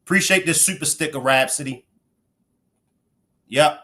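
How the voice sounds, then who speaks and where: A man from Baltimore with a Baltimore accent, hosting a casual livestream and chatting with viewers as he gives shout-outs. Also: on the high side, a little slow. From Baltimore, Maryland. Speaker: livestream host.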